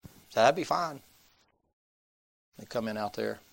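A man's voice: on the low side, measured pace, creaky. A man, preaching by telling a folksy story and acting out the people's voices. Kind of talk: sermon storytelling.

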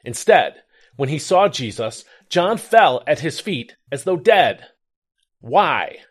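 A man's voice: on the high side, sing-song, slow, breathy edge. A man hosting a daily Bible devotional, reading a scripted reflection with earnest emphasis on key words. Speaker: devotional host.

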